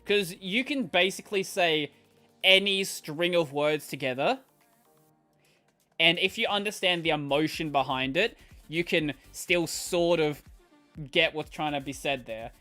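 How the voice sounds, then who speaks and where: A man's voice: a little high, unhurried, pushed and bright, faint music behind. A man with an Australian accent and a slightly nasal voice, chatting casually on a live stream as he answers viewer questions, rambling with lots of fillers and restarts. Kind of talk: casual chat while reading viewer questions.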